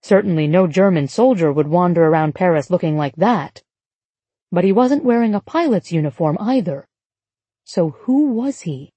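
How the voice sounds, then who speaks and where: A woman reading an audiobook in a measured, even storytelling manner on a close studio mic. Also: on the low side, slightly rough, no room sound. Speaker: audiobook narrator. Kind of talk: scripted narration.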